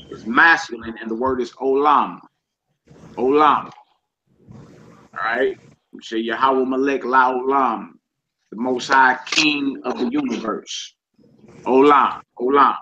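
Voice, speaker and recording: Guy teaching a class online, bright voice, kinda dull lo-fi sound with faint hiss. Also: mid-range voice. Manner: relaxed, repeats each word aloud, slangy asides. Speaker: Hebrew teacher. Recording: slightly dull lo-fi with faint noise.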